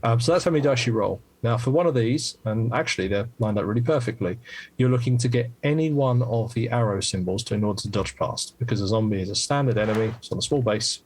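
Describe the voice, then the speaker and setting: A man's voice: mid-range voice, fast, a little mellow, slightly rough. A man, a game designer, patiently explaining the rules while demoing his board game, with many fillers.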